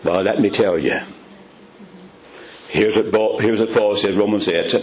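An older man preaching a sermon, telling stories and stressing words with big rises and low drops. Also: steady tone, unhurried, a little mellow, slight background noise, rough recording.

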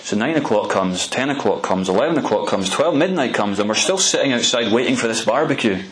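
A man's voice: medium pitch, animated, brisk, a bit bright, rough recording. Man preaching a storytelling sermon. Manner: conversational, frequent restarts and repeated words.

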